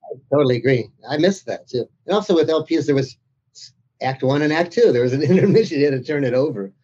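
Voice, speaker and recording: Author guest: man, warm husky voice, chatty anecdotes with laughs, dull lo-fi audio. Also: a little high, expressive, fast talker. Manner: chatty storyteller, laughs through his anecdotes. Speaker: author being interviewed. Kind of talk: anecdotal interview conversation.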